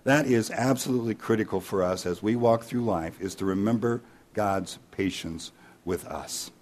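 A man's voice: fairly low pitch, moderate pace, darkish tone. Man preaching, folksy and anecdotal. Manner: folksy, anecdotal, with fillers and restarts. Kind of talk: sermon with humorous stories.

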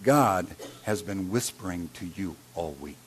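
A man preaching a sermon as a pastor, telling a personal story and swinging between loud emphasis and hushed, quiet lines. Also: deep voice, expressive, measured pace, slight background noise. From Iowa.

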